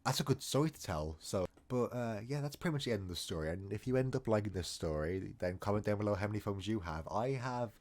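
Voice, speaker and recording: A man's voice: on the low side, fast, hardly any pauses, darkish tone. A young man telling a story casually, rambling and joking at his own expense. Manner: rambling, jokey, self-mocking asides. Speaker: storytime vlogger.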